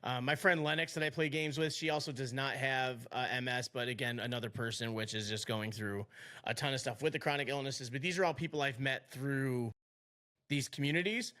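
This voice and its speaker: A man's voice: mid-range voice, steady tone, fairly quick, pushed and bright. A man in his forties hosting a podcast, chatting casually and rambling, laughing often. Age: 40s. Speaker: podcast host.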